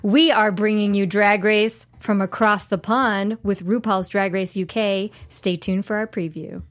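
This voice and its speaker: A woman's voice: mid-range voice, steady tone, unhurried. A woman hosting a casual panel show, talking in an upbeat, chatty way from a studio set. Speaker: host.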